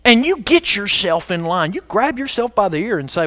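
Lively, high-voiced preaching man. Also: normal speed, few pauses, no room sound. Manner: animated and conversational, bursts into shouts for emphasis. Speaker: pastor. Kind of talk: sermon.

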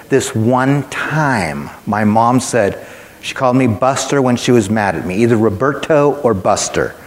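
A man preaching a sermon, telling a personal story in a conversational way and speaking directly to his listeners. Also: mid-range voice. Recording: long hall reverb.

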